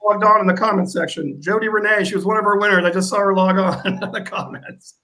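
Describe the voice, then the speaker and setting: High-voiced man telling stories. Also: fairly even intonation, fast, pushed and bright, rough recording. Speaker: guest, organizer of a service-industry fundraiser. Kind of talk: casual storytelling in an interview.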